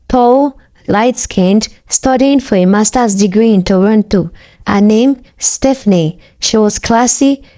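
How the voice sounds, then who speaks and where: Brief: woman storyteller, scripted narration, warm mellow tone, middle pitch.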